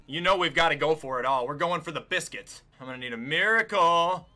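A young man giving profane, excitable commentary while playing a football video game, swinging from mutters to shouts. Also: on the high side, quick pace, hardly any pauses. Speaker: gaming YouTuber. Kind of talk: profane live gameplay commentary.

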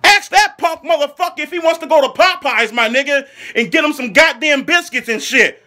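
A man delivering a furious, mocking, heavily profane comedic rant as an angry football fan, breaking into shouts. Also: very high voice, a little fast. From Philadelphia. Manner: furious, mocking, heavy swearing, shouting bursts.

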